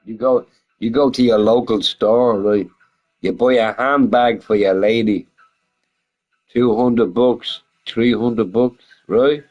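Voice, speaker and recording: A gaming streamer chats casually with his viewers, rambling along, swearing often, laughing and firing off rhetorical questions. His voice is medium-pitched and steady, the pace slow, and the audio sounds dull.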